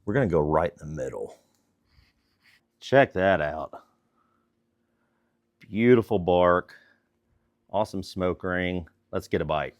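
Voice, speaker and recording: A man hosting a barbecue cooking vlog outdoors in the snow, relaxed and enthusiastic, chuckling often and feeling the cold. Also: sits low, takes it slowly, pauses often, dry recording. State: cold from the weather. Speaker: barbecue cooking channel host.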